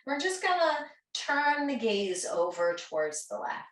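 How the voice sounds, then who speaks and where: A woman teaching a guided restorative yoga class, giving gentle, soothing cues and counting breaths slowly. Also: a little high, big pitch swings, recorded from a distance. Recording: roomy echo, voice a bit off-mic.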